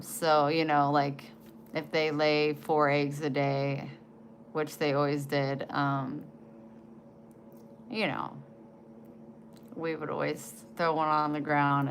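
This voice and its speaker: Emotional woman in her forties, lowish voice. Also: a bit bright, a little hiss or hum. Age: 40s. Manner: emotional, halting, trails off and restarts. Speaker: vlogger. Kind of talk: casual chat to camera.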